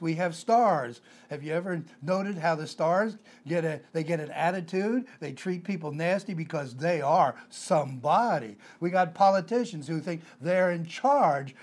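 Man, preacher, high voice, emphatic, conversational sermon, repeats key points.

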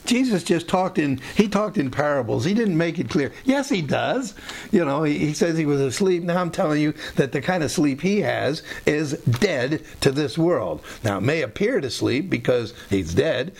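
A man leads an informal Bible teaching, talking in a loose, conversational way full of asides and restarts. His voice sits somewhat high and has a gravelly, creaky edge. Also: sing-song, normal speed, darkish tone.

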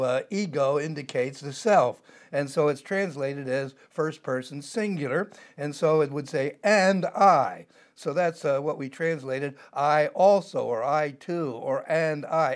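An older man teaching a Bible passage verse by verse, explaining word by word and wandering into side topics with many "uh" fillers. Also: mid-range voice. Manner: digressive, explanatory, frequent "uh" fillers.

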